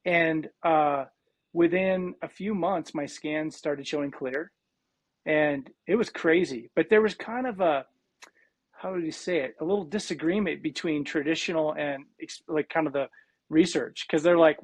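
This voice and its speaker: A man's voice: fairly high pitch, moderate pace, no echo. A man in his forties from South Dakota, a podcast guest telling his story with lots of restarts and quoted dialogue. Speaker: guest, cancer survivor. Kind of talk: casual storytelling interview.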